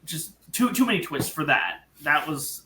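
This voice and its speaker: A man's voice: on the high side, big pitch swings, normal speed, pushed and bright, echoey room, a little hiss or hum. A man who is a guest in a casual podcast discussion, speaking hesitantly with many false starts.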